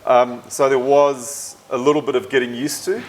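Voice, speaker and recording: A middle-aged South African man whose accent has picked up some Australian over the years, talking in an easy, conversational way. He sits at a middle pitch and slips into the voices of the people he quotes. Faint noise hums under the recording. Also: steady tone, normal speed, poor audio. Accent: South African mixed with Australian. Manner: storytelling, acts out quoted speech. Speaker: interview guest. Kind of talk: casual conversational interview.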